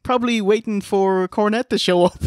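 A man's voice: sits high, steady tone, no echo. Guy co-hosting, wry asides, dry close mic sound. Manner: wry, recaps with quick asides and laughs. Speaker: podcast co-host. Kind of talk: casual wrestling review chat.

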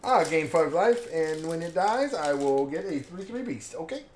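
A man hyped up while opening card packs, counting out loud and calling out each card he pulls. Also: a little high, expressive, normal speed. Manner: hyped, counts cards aloud, names each pull. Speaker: card pack opener. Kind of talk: casual card-opening commentary. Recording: roomy echo, faint background hum.

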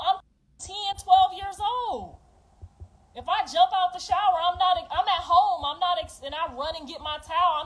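A woman's voice: sits high, fairly bright tone, low-quality recording. A woman in her fifties, a mother telling her life story in an emphatic, blunt, confessional livestream rant. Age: 50s.

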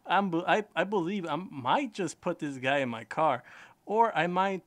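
Man, unboxing vlog host, rambling and excitable, higher voice. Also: moderate pace, no room sound. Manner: chatty and easily excited, rambling.

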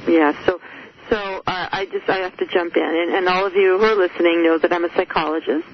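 Gravelly-voiced woman radio host. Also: lowish voice, steady tone, dull audio, slight background noise. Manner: earnest, emphatic, halting with fillers. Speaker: radio show host, psychologist. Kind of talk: radio interview.

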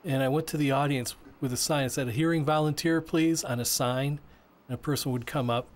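A man voicing a signer's interview answers as interpreter, halting with frequent restarts and repeated words. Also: mid-range voice, level tone.

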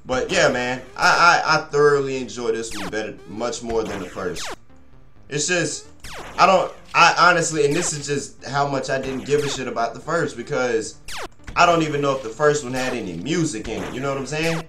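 A man's voice: medium pitch, lively intonation, normal speed, sharp tone. A young man grumbles and curses through a let's play, rambling on to his viewers as he goes. His voice sits in a middling register and bounces around an echoey room. Faint game music plays underneath. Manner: frustrated, swears a lot, rambles to viewers. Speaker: gaming channel host.

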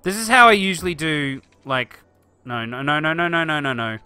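A man's voice: a little high, expressive, normal speed, pushed and bright, clear, resonant tone, no room sound. A man chatting casually through a live stream of a city-building game, thinking aloud and answering viewers. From Australia. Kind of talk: live-stream gameplay commentary.

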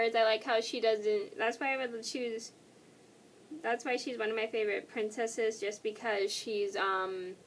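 A woman's voice: fairly high pitch, slight background noise. A young woman vlogging casually, answering questions in a rambling, self-correcting way and sounding tired. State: tired and yawning. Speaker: YouTuber.

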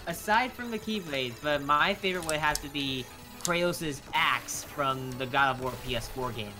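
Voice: medium pitch, moderate pace, over music. A friend in a group voice chat who talks eagerly and rambles. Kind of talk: casual chat.

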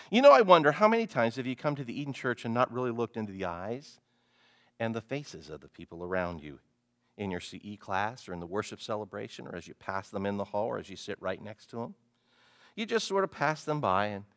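A male pastor preaching a sermon, animated, often putting questions to the congregation. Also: mid-range voice.

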